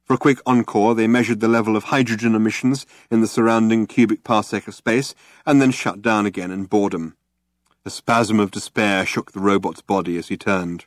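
A man narrating an audiobook in a measured, dry storytelling manner. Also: fairly low pitch, steady tone, no room sound. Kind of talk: scripted narration.

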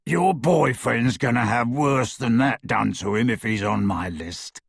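A man voicing a menacing, leering male captor with a rasping voice, speaking slowly and with gloating relish. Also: no room sound, studio quality. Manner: slow, gloating and low.

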